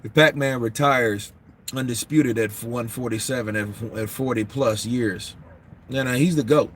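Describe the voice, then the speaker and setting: A man hosting a boxing talk show, answering viewers in a casual, animated, profane way, and laughing often. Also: mid-range voice, a little slow, a little hiss or hum.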